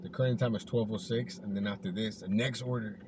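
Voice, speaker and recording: A man's voice: lowish voice, steady tone, a little fast. A man talking casually to his viewers from a car while driving for deliveries, upbeat and rambling, with lots of fillers. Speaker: delivery driver vlogger. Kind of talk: casual vlog narration. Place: inside a car. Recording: clear car and road noise behind. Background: car and road noise.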